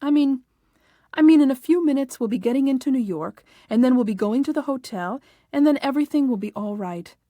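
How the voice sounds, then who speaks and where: A woman voicing an eager young husband on his honeymoon, coaxing and a little exasperated, trying to smooth things over with his bride. The voice sits on the high side, with a mellow, dark tone, recorded close and dry, as in a storybook reading. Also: expressive, brisk, no echo. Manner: coaxing, then defensive.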